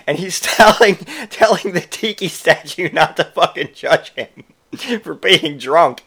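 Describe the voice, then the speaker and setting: A man's voice: a little high, animated, measured pace, creaky, a bit bright, husky. A young man casually telling a comic story, swearing freely and acting out the voices of the people he quotes.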